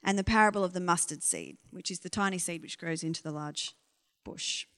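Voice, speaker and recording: A woman's voice: fairly low pitch, fairly quick, fairly bright tone. Candid woman preaching in a reverberant hall. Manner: candid, conversational, exasperated questioning. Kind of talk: informal sermon.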